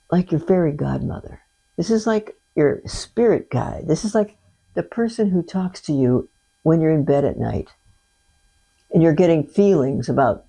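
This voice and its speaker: A woman's voice: sits low, dark tone. An older woman giving a chatty tarot reading, talking straight to the viewer with folksy exclamations. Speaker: tarot reader. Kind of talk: casual tarot reading to camera.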